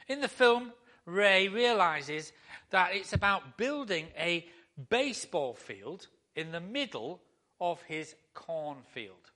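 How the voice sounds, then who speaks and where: Man, pastor, church sermon, conversational, rhetorical questions, bright tone. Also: sits high, sing-song, slow.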